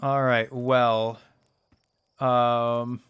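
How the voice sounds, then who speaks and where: A man's voice: mid-range voice, flat delivery, drawn-out words, fairly bright tone, smooth. Chatty man commenting on a game. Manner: chatty, wondering aloud, easily startled. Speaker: let's play host. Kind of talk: casual gameplay commentary.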